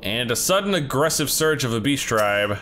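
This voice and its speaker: A man hosting a let's play, chatting excitedly while he plays. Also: medium pitch, normal speed, slight background noise. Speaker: gaming channel host. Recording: game music behind.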